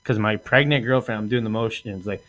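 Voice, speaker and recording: A man in his thirties hosting a comedy podcast, telling a story in an animated way, acting out quotes and laughing often. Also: fairly low pitch, a little fast, dry recording. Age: 30s. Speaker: podcast host.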